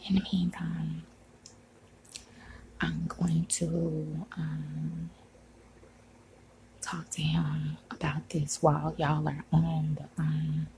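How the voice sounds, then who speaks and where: A woman venting in an upset vlog, talking agitatedly and sometimes dropping to a hush, recorded at home on a phone. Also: low voice, monotone, very slow, creaky, pauses often, slight background noise, rough recording. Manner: agitated, venting, frequent "like" and "you know". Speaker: vlogger. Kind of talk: upset personal vlog rant. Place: home room.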